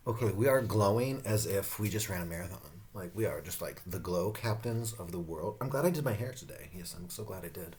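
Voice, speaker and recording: A man's voice: lowish voice, animated, normal speed, slight background noise. A man giving a casual skincare review at home, campy, profane and playful, laughing often. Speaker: beauty vlogger reviewing skincare.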